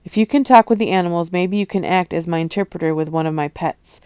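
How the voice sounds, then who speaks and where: A woman's voice: fairly low pitch, fast talker, mellow, clear, resonant tone, no room sound, close to an everyday voice. A woman reading aloud voices a charming, wealthy male entrepreneur with a melodious, affectionate and teasing manner. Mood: smooth, coaxing. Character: charming wealthy adult male jungle entrepreneur, smooth-talking.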